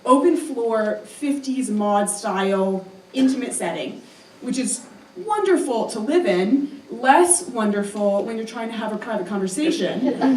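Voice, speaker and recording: A woman's voice: fairly high pitch, distant mic, a little hiss or hum. A young woman telling a personal story live on stage, chatty and self-mocking, with lots of "um" and "like". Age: young adult. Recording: roomy live hall, voice from afar.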